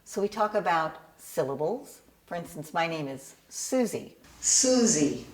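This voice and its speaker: A woman explains how she teaches cantillation to bar and bat mitzvah students. Her voice sits a little low, and she talks in a patient, measured way, breaking now and then into short sung examples. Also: lively intonation, a little hiss or hum.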